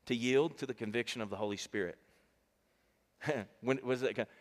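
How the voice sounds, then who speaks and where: A man's voice: medium pitch, normal speed. Emphatic male pastor preaching in a hall. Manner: animated, emphatic, calls out to the congregation. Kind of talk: sermon. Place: church stage before a congregation.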